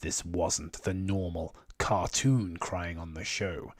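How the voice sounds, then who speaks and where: A man's voice: sits low, fairly even intonation, takes it slowly, few pauses, no echo. A man co-hosting a comedy show, reading a fan story aloud in a mock-dramatic way, with swearing and laughing asides. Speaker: podcast co-host reading stories aloud. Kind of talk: casual comedic read-aloud chat.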